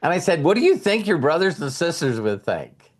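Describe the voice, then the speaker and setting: A man's voice: a little high, very animated, a little fast. A man speaking in a somewhat raised voice, giving a motivational talk. He speaks loosely and casually, repeats words as he goes, and walks through a story by acting out the conversations.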